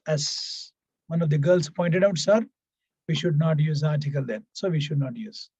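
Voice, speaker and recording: A man teaching a grammar class online, repeating himself often and filling pauses with "right, right". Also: fairly high pitch, a little mellow, husky, dry recording, dull audio. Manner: repetitive, fills pauses with "what we call it as" and "right, right". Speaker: English teacher.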